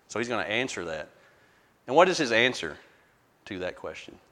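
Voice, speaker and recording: A man's voice: medium pitch, expressive, fast, bright, forceful tone, in a large hall. A man leading a verse-by-verse Bible study, talking conversationally, often restarting words and asking the group for questions.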